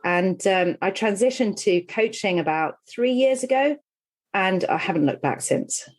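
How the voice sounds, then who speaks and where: Middle-aged female guest, candid storyteller, expressive. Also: mid-range voice, measured pace. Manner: candid, animated, laughs while telling stories. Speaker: guest, mindset and well-being coach. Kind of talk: conversational storytelling.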